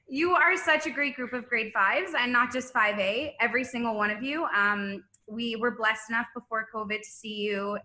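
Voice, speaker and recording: Bright-voiced teacher choking up. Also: female voice, on the high side, normal speed, hardly any pauses. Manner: choked up, laughing through tears. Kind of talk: emotional farewell speech.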